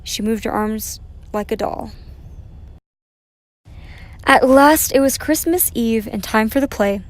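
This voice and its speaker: A woman reading a children's picture book aloud in a gentle, expressive way. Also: fairly high pitch, slow. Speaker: storyteller. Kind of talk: children's story read aloud.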